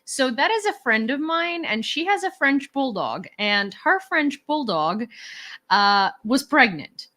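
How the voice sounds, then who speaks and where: A woman's voice: sits high, big pitch swings, measured pace, pushed and bright. A woman from Ukraine hosting a casual livestream, chatting with viewers in an ironic, rambling way with many fillers and restarts, at home indoors. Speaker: livestream host.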